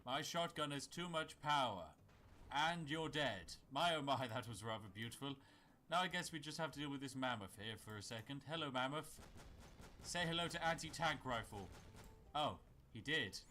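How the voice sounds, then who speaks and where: A man's voice: on the high side, lively intonation, normal speed, bright, forceful tone, slight background noise. A man with a British accent narrating his gameplay with dry, wry humor and mock-grand asides. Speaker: gaming YouTuber.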